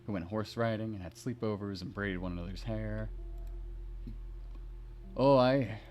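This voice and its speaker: A man's voice: on the low side, fairly even intonation, darkish tone, a little hiss or hum. Jokey male streamer narrating a story. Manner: jokey, self-mocking, quick asides. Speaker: streamer reading a visual novel aloud. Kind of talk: narration with joking asides.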